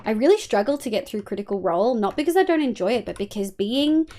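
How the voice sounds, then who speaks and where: Lively Australian woman streamer. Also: fairly high pitch, quick pace. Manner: chatty, swears casually, thinks aloud while playing. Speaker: live streamer. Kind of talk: casual gameplay chat answering viewers.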